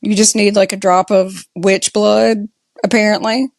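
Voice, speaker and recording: A woman with a Southern US accent co-hosts a casual podcast recapping a TV show, talking slowly and chattily with lots of "like" fillers. Her medium-pitched voice is flat with vocal fry, and there's a little hiss or hum.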